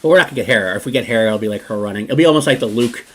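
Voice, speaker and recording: A man hosting a casual podcast chat, talking in an animated, rambling way with many restarts. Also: on the low side, racing. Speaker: podcast host.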